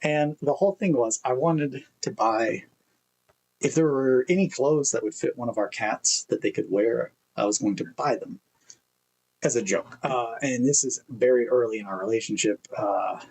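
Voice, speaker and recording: A man's voice: medium pitch, moderate pace, darkish tone, slightly rough, low-quality recording. A man streaming a casual hangout, telling a rambling, self-mocking story about himself. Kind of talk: casual chat.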